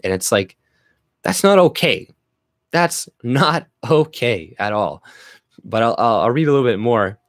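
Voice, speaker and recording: A man's voice: medium pitch, expressive, unhurried, dry recording, studio quality. A man ranting on a livestream, blunt and profane, stumbling through restarts and fillers. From Canada. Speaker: livestream commentator.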